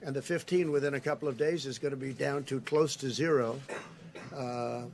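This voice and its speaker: A man's voice: medium pitch, steady tone, normal speed, vocal fry, heavy background noise. A man speaking at a press briefing, rambling and hesitant.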